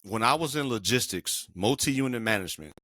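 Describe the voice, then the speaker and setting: A man's voice: mid-range voice, lively intonation, a little fast, bright, forceful tone, no room sound, clean studio sound. A middle-aged man co-hosting a podcast, telling a personal story in an emphatic, slangy way. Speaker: podcast co-host. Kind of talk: casual podcast conversation.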